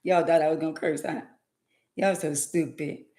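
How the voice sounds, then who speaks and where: A woman, talking sassily to her live audience in an animated, preachy monologue. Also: sits low. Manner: sassy, preachy, drawn-out exclamations and laughs.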